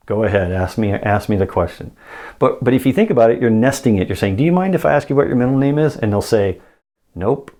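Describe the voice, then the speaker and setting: A man's voice: fairly low pitch, warm tone. A man teaching sales communication in a casual monologue, acting out example dialogues with frequent restarts.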